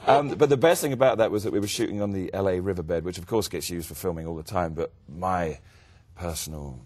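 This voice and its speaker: A man's voice: deep voice, brisk, a little mellow. An English man, an actor guest, chatting in a self-deprecating, joking way with hesitant restarts. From England. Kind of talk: casual interview chat.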